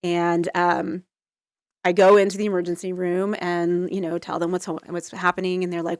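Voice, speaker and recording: A woman in her forties, an interview guest, telling her story in a loose, rambling, animated way. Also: lowish voice, moderate pace, no echo, studio quality. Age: 40s. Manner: rambling, full of "like" and restarts, animated.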